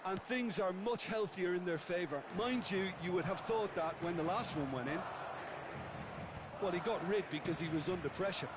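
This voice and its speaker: Man, football co-commentator, measured analysis, fairly high voice, heavy background noise. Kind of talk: sports commentary from a video game.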